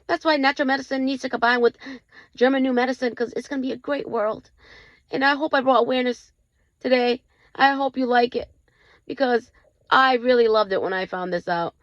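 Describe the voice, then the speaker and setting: A woman's voice: a little high, fairly even intonation, brisk, no room sound, muffled recording. A woman host giving a casual health talk to her viewers, emphatic and full of rhetorical questions. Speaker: channel host.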